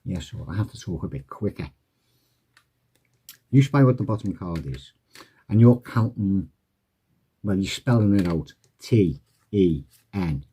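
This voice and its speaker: Man, card tutor, rambling friendly patter, dark husky low voice. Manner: chatty, rambling, acts out patter with spectators. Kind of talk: casual tutorial walkthrough.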